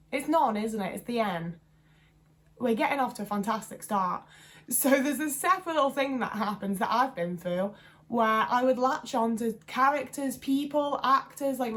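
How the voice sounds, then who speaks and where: A woman's voice: a little high, a bit bright. A woman in her twenties talking to camera in a casual vlog, chatty and rambling with lots of fillers and self-deprecating asides. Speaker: vlogger.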